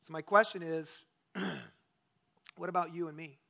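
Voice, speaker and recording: A man's voice: fairly high pitch, steady tone, slow, a bit bright. A male pastor preaching a conversational sermon, often asking the congregation questions.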